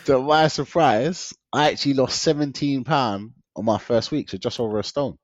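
Guy, young, animated storyteller, lots of slang and laughs; dull dry lo-fi sound. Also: medium pitch, normal speed, no room sound. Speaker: guest. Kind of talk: casual storytelling interview.

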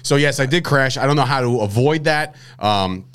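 A young man hosting a casual sports podcast, rambling and animated, often breaking off mid-sentence. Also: medium pitch, normal speed, clear, resonant tone. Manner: rambling, animated, self-interrupting. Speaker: podcast host.

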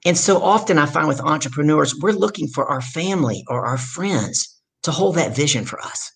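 A woman from the Deep South, a guest on a podcast, telling her story in a loud, energetic way. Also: moderate pace, creaky, breathy edge. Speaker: guest, leadership coach.

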